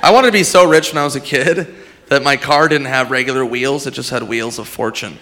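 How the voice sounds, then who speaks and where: A male stand-up comedian ranting about game shows, breaking into loud outbursts. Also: mid-range voice, fairly quick, noisy background. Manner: loud, excitable rants with shouted outbursts. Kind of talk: stand-up routine.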